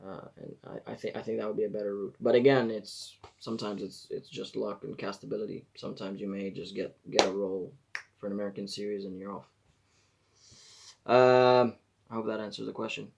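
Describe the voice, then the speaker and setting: A man's voice: fairly low pitch, level tone, a little fast, creaky, a little mellow. A man, chatting casually on a live stream and giving rambling advice as he corrects himself. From Israel. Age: 40s.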